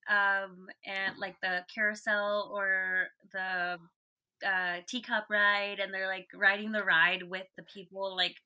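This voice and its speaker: A woman's voice: medium pitch, level tone, slow pace, bright, forceful tone. A woman guest on a podcast, chatting casually and rambling with lots of "like"s. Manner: rambling, many "like"s. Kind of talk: casual chat.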